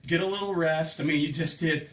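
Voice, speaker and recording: Fitness coach counting reps in echoey room. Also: male voice, fairly high pitch, steady tone, brisk, a bit bright. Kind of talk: home workout instruction. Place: home room with table and couch. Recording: echoey room, distant mic.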